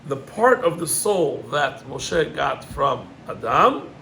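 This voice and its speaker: A middle-aged man, a rabbi, gives an animated Torah lesson, climbing in pitch on emphatic points and mixing in Hebrew terms. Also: slow, vocal fry, a little hiss or hum, low-quality recording.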